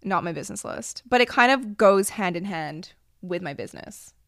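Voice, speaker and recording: Animated young woman telling stories. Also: mid-range voice, moderate pace, gravelly. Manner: animated storyteller, acts out quotes. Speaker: podcast co-host. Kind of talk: casual chat.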